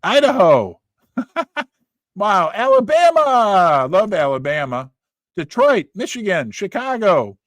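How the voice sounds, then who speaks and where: Animated high-pitched male livestream host. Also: no echo. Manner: animated, reads viewer names aloud in quick bursts. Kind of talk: casual livestream chat.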